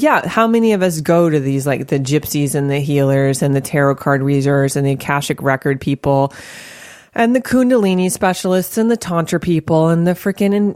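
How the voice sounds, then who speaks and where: Animated, swearing woman podcast host. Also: deep voice, no room sound, studio quality. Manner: animated, profane, playful. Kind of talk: casual podcast chat.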